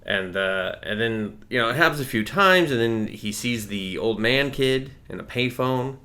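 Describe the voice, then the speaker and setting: A man co-hosting a casual movie review chat, recapping scenes with swearing and quick acted-out lines. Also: mid-range voice, lively intonation, sharp tone. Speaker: podcast co-host.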